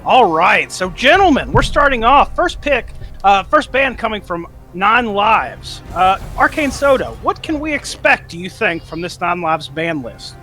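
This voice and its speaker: A man's voice: high-pitched, big pitch swings, measured pace, pushed and bright, faint music behind. A man hosting an esports analyst desk, upbeat and steering questions to his panel.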